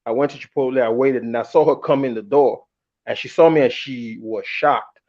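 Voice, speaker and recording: A man telling a long personal story in a casual, candid and animated way, acting out the quotes. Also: mid-range voice, moderate pace. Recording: muffled lo-fi audio.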